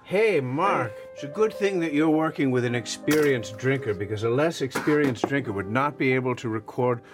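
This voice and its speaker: A man hosting a comedy podcast, mixing cocktails while delivering deadpan mock-salesman banter. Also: medium pitch, moderate pace, music in the background. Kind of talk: comic bartending banter.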